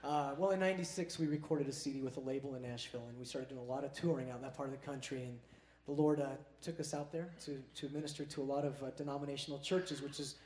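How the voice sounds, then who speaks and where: A man's voice: medium pitch, steady tone, quick pace, darkish tone, reverberant, slight background noise. A man from Southern California, a touring Christian musician, answering questions on stage in an eager, laid-back way. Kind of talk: casual on-stage interview.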